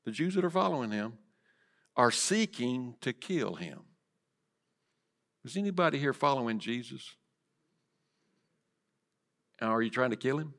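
Male pastor, mid-pitched, dynamic sermon delivery, drops to whispers for effect. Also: lively intonation, measured pace, long pauses. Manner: dynamic preaching, swinging from loud emphasis to soft whispers. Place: church sanctuary.

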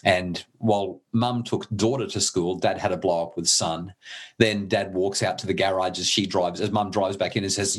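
A man's voice: low-pitched, steady tone, fairly quick, fairly bright tone, slightly rough. A middle-aged man explaining parenting ideas in an earnest, conversational way as a guest, restarting phrases when he gets emotional.

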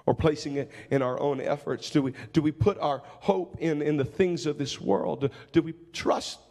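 A man's voice: a little high, steady tone, normal speed, creaky, darkish tone, long reverb tail. A man preaching a sermon in a church, asking searching, pleading questions and repeating his first words as he moves into an altar-call prayer. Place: church sanctuary with congregation.

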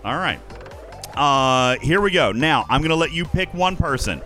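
A man's voice: a little high, lively intonation, normal speed, pushed and bright, soft background music. A man hosting a casual podcast livestream, playful and hyping up his audience. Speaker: podcast host.

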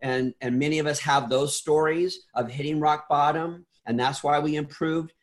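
A man's voice: on the high side, steady tone, moderate pace. A middle-aged man telling stories as an interview guest, earnest, often repeating and restarting words. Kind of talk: casual interview storytelling.

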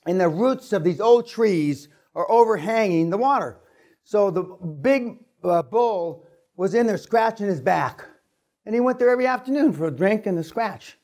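A man with a fairly high voice tells a story to a seminar audience. He swears freely and keeps acting out the sounds of the action. His delivery is lively and unfiltered. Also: moderate pace. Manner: profane, lively storyteller who acts out sounds. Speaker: seminar speaker. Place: seminar room.

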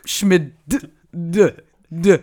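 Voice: mid-range voice, takes it slowly, darkish tone. A podcast host chatting and joking with a guest, teasing and laughing often. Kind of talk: joking interview chat. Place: remote call.

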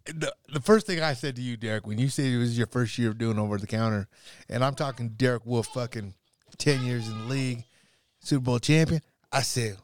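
A man's voice: medium pitch, a little fast. A man in casual podcast chat, blunt and profane, full of "bro" and "dude".

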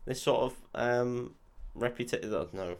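A man's voice: medium pitch, unhurried, clean tone. A man, co-hosting a podcast in casual chat, recapping a film, swearing freely and acting out the characters. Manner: swears freely, acts out characters, laughs often.

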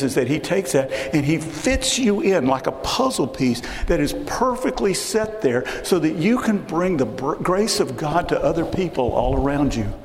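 A man preaching a sermon as pastor, speaking earnestly and directly to the congregation and repeating phrases for emphasis. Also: on the high side. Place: church sanctuary. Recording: echoey hall with long reverb, faint hiss.

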